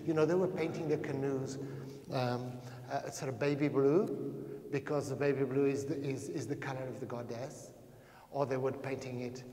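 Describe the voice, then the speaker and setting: A man's voice: mid-range voice, darkish tone. A man giving a conference talk, telling stories loosely, often hesitating and repeating his words. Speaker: panel speaker. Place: large echoey exhibition hall. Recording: roomy hall echo.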